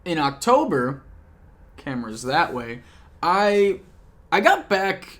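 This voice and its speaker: In his home apartment, a young YouTuber gives a casual vlog recap to a camcorder, rambling, cracking jokes, and stopping himself partway through sentences. His fairly high voice is very animated and a bit bright, his pace measured, with slight background noise.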